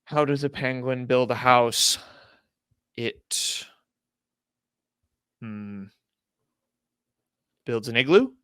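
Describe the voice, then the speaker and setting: A young man trading casual, joking banter as a podcast co-host. His voice sits at an ordinary middle pitch, and the sound is dry and close to the mic, with no room echo. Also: very slow, long pauses, bright, forceful tone, clear, resonant tone. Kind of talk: casual sports chat.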